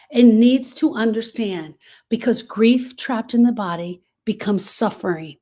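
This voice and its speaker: In an unhurried, fairly high voice, a female grief coach delivers a pep talk to her audience. She repeats herself with emphasis, goes soft, then loud, and calls everyone "girl."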